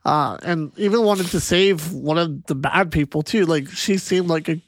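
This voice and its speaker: A man's voice: on the high side, moderate pace. A man co-hosting a podcast, chiming in with agreement and thinking aloud about a film. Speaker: podcast co-host. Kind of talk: casual film discussion.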